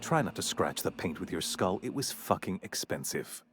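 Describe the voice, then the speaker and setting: A man's voice: low-pitched, very animated, normal speed, a bit bright, slight background noise. An actor voicing a haughty, ruthless male corporate executive villain in a video game, speaking with contempt and menace. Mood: menacing.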